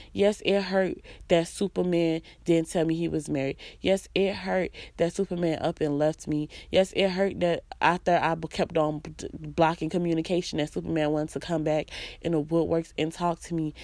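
A woman's voice: lowish voice, warm tone, no room sound. A woman giving a blunt, profane, emphatic personal monologue, hammering her points home with repeated phrases. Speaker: vlogger.

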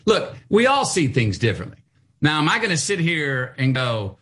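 A middle-aged man with a lilt spins an animated tale, his voice swooping up and down as he acts out the people in it. He sits a touch high in pitch and carries the story with bursts of energy. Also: normal speed. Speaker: guest. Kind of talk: casual interview storytelling.

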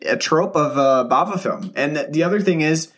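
A man's voice: on the high side, brisk, fairly bright tone. Hesitant man talking about films. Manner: hesitant, many ums and uhs. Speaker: podcast co-host. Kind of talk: casual film discussion podcast.

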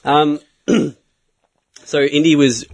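A man's voice: fairly high pitch, steady tone, extremely slow, dry recording. A man in his thirties telling a rambling story in casual podcast chat. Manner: rambling, filler-heavy storytelling. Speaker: podcast co-host.

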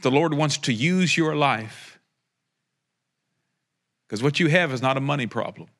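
Man, preacher, prophetic sermon, impassioned, playful asides, high bright voice. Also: measured pace. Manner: impassioned, joking asides, rising to a fervent pitch.

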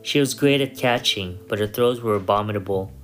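A man reads a first-person story in a calm, measured voice. His voice sits on the low side, and faint guitar plays quietly underneath. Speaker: narrator. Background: soft guitar music.

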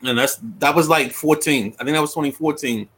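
A man's voice: fairly high pitch, fairly quick, a bit bright, breathy edge. A man co-hosting a sports podcast in casual talk, adding brief, dry remarks.

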